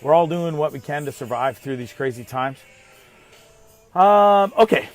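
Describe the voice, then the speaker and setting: A man in his thirties from Canada, hosting a live show and ranting in an animated, exasperated way, swearing and calling people names. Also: fairly high pitch, unhurried, faint music behind. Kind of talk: ranting monologue.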